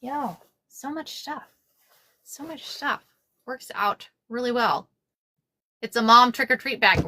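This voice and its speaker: A bright, forceful-sounding woman in middle age talks straight to her livestream viewers as she sews. Her voice sits fairly high. She is excitable and chatty and says everything twice. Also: slow, long pauses. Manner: excitable, repeats herself, says y'all often. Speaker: craft livestream host. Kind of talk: casual livestream chat while sewing.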